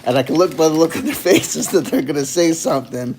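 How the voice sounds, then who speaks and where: A man rambles through a casual vlog, animated and full of fillers. His voice sits a touch high for a man and has a gravelly fry running through it. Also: quick pace, a little hiss or hum. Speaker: vlogger. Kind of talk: casual chat.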